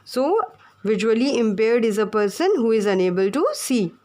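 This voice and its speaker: A woman's voice: on the high side, lively intonation, normal speed, dark tone. A woman teacher, explaining words to young pupils and spelling them out letter by letter. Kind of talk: online class lesson.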